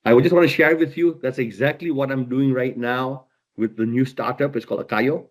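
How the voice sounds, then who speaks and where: A man's voice: mid-range voice, fairly quick. Emphatic man giving a keynote. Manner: emphatic, repeats key words for stress. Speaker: keynote speaker. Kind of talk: motivational keynote talk.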